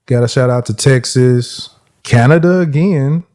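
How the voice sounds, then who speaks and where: A man's voice: medium pitch, unhurried, a little mellow. A man hosting a casual sports podcast, slangy and laid-back, chuckling often. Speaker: podcast host.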